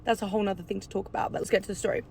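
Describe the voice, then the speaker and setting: A woman's voice: medium pitch, fairly even intonation, vocal fry, a little mellow, slight background noise. A woman casually telling a personal story in a chatty storytime, full of fillers and swearing. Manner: rapid, chatty, peppered with "like" and swearing. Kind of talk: casual storytime while getting ready.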